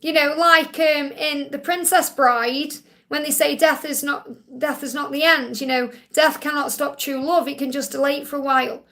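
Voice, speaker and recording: A woman with a high voice and a gravelly edge hosts a live stream as a psychic medium. She talks in an earnest, emotional way and often pads her sentences with "you know.". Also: steady tone, normal speed, fairly bright tone. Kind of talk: live-stream reading and chat.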